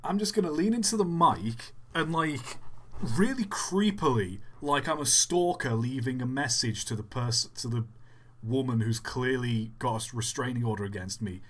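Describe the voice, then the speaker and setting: A man's voice: mid-range voice, moderate pace. A man co-hosting a live stream, chatting casually and joking. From England. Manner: animated, jokey, breaks into laughs. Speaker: stream co-host.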